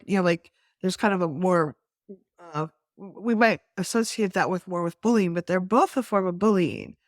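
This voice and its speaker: A woman's voice: mid-range voice, normal speed, no room sound, clean studio sound. A middle-aged woman co-hosting a skills workshop, explaining ideas in casual talk and acting out quoted voices with many restarts. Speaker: workshop co-host.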